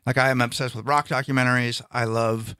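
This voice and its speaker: A man speaking at a middle pitch in loose, rambling conversation, stopping and restarting his thoughts as he goes. The sound is dry and close, with no room echo. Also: little pitch movement, brisk, bright, forceful tone, clear, resonant tone. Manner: rambling, self-interrupting, frequent restarts. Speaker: stand-up comedian guest. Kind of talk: casual chat.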